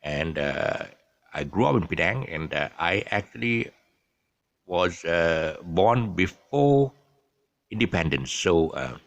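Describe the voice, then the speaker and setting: Older malaysian guy rambling through stories, low gravelly voice, dry close sound. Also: expressive, no room sound. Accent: Malaysian English. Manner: rambling, many "uh" pauses, chuckles. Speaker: vlogger. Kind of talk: casual storytelling monologue.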